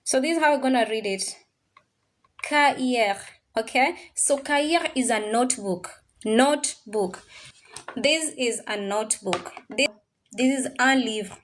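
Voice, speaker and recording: A woman teaching a French class, drilling words slowly and repeating them, now and then mixing in Swahili phrases. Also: on the high side. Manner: slow, repetitive drilling of words. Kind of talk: classroom language lesson.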